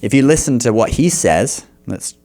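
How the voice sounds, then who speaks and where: A man gives language-teacher commentary in a reaction video. He breaks the lines down and repeats words slowly to model them. He checks in often and laughs easily. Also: mid-range voice, lively intonation, mellow. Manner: frequent laughs and checking "okay?".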